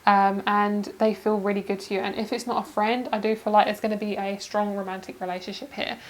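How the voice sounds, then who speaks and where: A woman's voice: medium pitch, flat delivery, a little fast, poor audio. Gushing, effusive tarot-reading woman. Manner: gushing and effusive, swears casually, laughs often; calls viewers girl and you guys. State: emotional, near tears. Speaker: tarot card reader. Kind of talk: pick-a-card tarot reading to camera.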